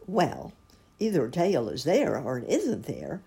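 A woman's voice: deep voice, wildly swooping pitch, a little slow, gravelly, dark tone, heavily acted. A woman reading a storybook aloud, voicing a friendly, simple young male bear who speaks earnestly.

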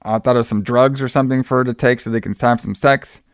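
A man loosely recounts a film's plot in a casual chat, leaning on fillers and quoting characters as he goes. His voice is smooth and resonant, at an ordinary pitch. The recording is dry and close, with no room sound. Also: steady tone, fast talker, no room sound. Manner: loose, filler-heavy retelling with quoted lines.

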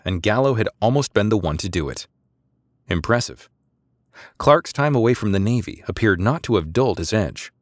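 Expressive male audiobook narrator. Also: lowish voice, no echo, clean studio sound.

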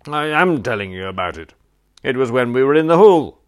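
A man's voice: medium pitch, very animated, brisk, voice pushed up, close to an everyday voice. A man reading an audiobook, voicing a peevish, rambling elderly duke who blusters along. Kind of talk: audiobook character voice.

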